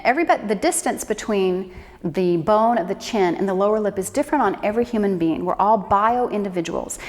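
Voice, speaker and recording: A woman flute instructor giving an encouraging, demonstrative lesson for beginners. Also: medium pitch. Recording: echo with long reverb.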